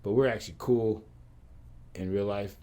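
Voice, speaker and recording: A man's voice: on the low side, moderate pace. A man hosting a podcast, telling stories in a casual, profane, slangy rant that loops back on itself. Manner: animated, profane, slangy, rambling with repeats. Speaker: podcast host.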